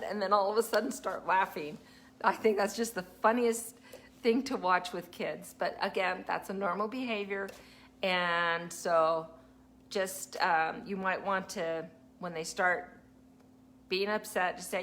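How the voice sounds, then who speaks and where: A woman's voice: mid-range voice, measured pace, fairly bright tone. A woman teacher giving a casual live talk, chatty and laughing often as she acts out kids and parents.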